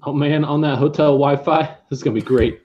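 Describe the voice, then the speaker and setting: Playful teasing guy at game night, warm mellow voice, kinda muffled recording. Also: a little high, fairly even intonation, fast. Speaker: tabletop game player. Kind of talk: casual chat. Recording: dull lo-fi sound with faint noise.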